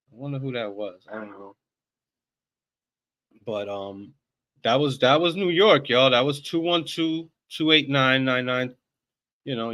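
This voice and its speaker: A man's voice: medium pitch, sharp tone. Mocking man on a live stream. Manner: mocking, chatty, reads numbers aloud slowly. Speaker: streamer making prank calls. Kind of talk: casual live-stream chat.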